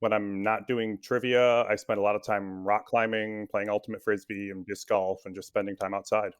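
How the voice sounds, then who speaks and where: A man with a somewhat low voice hosts a trivia game. He reads each question out carefully, and between them he chats in an easygoing way. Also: level tone, moderate pace, smooth. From Minneapolis area, US. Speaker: guest quiz host. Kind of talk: podcast trivia hosting.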